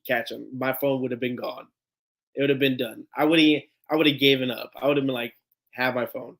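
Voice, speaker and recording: A man hosting a live fan stream, telling a story in a casual, animated, rambling way, swearing freely and laughing as he goes. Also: mid-range voice. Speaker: sports fan show host.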